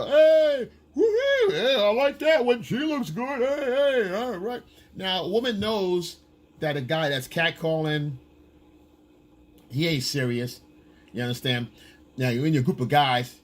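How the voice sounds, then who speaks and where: A man's voice: medium pitch, breathy edge. A man giving blunt, profane, lecturing dating advice in a casual coaching monologue.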